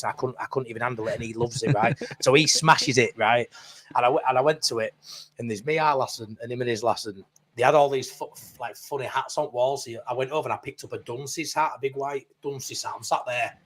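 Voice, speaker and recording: Yorkshire bloke telling a story over a pint, blunt and sweary, middling voice. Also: male voice, mid-range voice, fairly bright tone. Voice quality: broad, blunt, swears freely. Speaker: podcast co-host. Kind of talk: casual storytelling.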